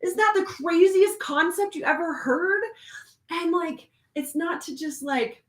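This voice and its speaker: A woman giving a casual spiritual oracle card reading, animated and laughing often, moving from hushed calm to excited outbursts. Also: very high voice, a little slow, reverberant.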